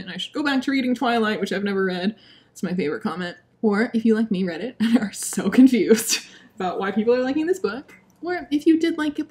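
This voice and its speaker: Young woman book vlogger, exasperated rant, lots of "like", slightly high voice. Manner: exasperated, animated, heavy use of "like", laughs often. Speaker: book reviewer. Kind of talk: casual ranting book review.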